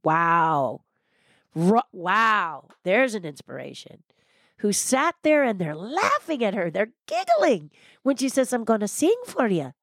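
A woman giving an interview, telling inspirational stories in an animated way and repeating words for emphasis. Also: mid-range voice, slow, no echo, clean studio sound. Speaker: interview guest. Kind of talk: animated motivational storytelling.

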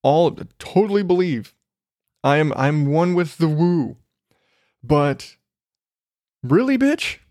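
A male podcast host rants in a loose, profane monologue and keeps breaking into laughter. His voice sits a bit high for a man, he talks in an unhurried way, and the sound is close and dry. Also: lively intonation, darkish tone, no room sound. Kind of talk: casual monologue.

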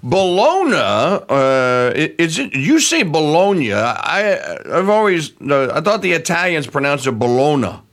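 A man co-hosting a casual radio chat, rambling and halting with many fillers. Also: a little high, big pitch swings, a bit bright. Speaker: radio show co-host. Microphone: earbud headset.

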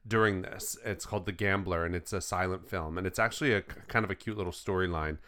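Brief: young adult male co-host, lower voice, eager and rambling in talk about films. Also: fast, sharp tone. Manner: enthusiastic, rambling storyteller. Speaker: podcast co-host. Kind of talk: casual film chat.

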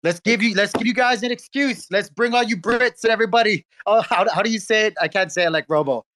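A man's voice: high-pitched, fast, sharp tone. A man, a community event organizer, talking in a hyped, friendly, repetitive way in a casual group audio chat.

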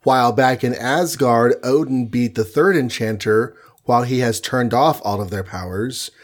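A man in easygoing conversation, recapping a comic issue with playful energy. He tosses in quick goofy voices for the characters as he goes. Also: medium pitch. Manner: playful, retells scenes with quick mock voices. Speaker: podcast co-host recapping comics. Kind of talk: casual chat.

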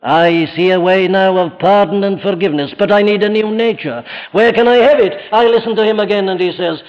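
A man's voice: high-pitched, a little fast, hardly any pauses. A man with a Welsh accent preaching a sermon in an emphatic manner that rises to impassioned cries. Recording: dull archival recording in a reverberant hall.

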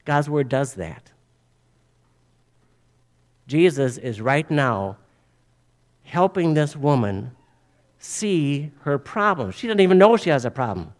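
A male pastor delivers a sermon in a conversational, direct way. He keeps turning to the congregation with rhetorical questions. His voice sits high for a man. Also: big pitch swings, takes it slowly, long pauses, big-room sound.

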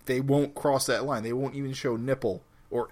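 A man co-hosting a comic book podcast, explaining his views in a measured, casual way. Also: medium pitch, fairly even intonation, a little mellow. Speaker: podcast co-host.

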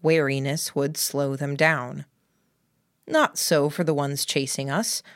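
A woman narrates an audiobook with a low, unhurried voice. Her reading is measured and even, and the sound is close and dry. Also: no echo. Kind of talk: scripted narration.

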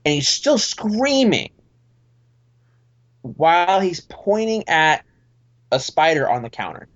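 A man spinning a long anecdote in casual podcast chat, his pitch swinging widely as he acts out the people in it. He rambles and restarts, and the recording sounds somewhat dull and lo-fi. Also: takes it slowly. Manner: animated, rambling, acts out voices in his story. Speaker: podcast guest. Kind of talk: casual storytelling.

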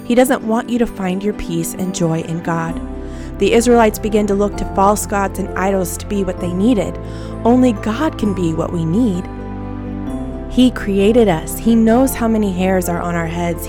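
A woman giving an earnest, encouraging Bible lesson for children, leading them in repeating a verse and closing with a prayer. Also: mid-range voice. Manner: gentle, earnest, encouraging, leads call-and-response.

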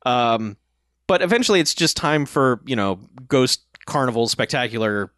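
Lively male podcast co-host, chatty and jokey, dry mic. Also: medium pitch, moderate pace, no echo. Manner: animated, laughing, swearing, acts out quotes. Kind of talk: casual movie recap chat.

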